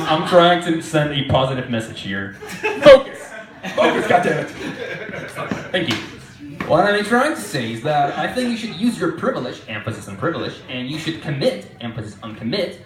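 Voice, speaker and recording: A man doing a sarcastic, exasperated stand-up rant in a mock court case at a live comedy venue. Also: fairly high pitch. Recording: roomy hall sound, mic at a distance.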